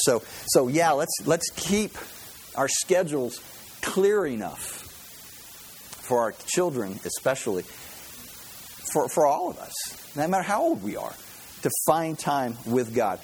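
A man's voice: mid-range voice, a little mellow, a little hiss or hum. A man preaching a sermon to his congregation in a conversational way, with frequent restarts and direct asides to listeners. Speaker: pastor.

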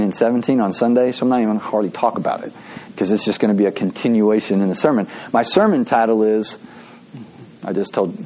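A man's voice: on the low side, darkish tone, rough recording. A man, a pastor, teaching a casual Bible study in an eager, chatty way, full of asides and restarts.

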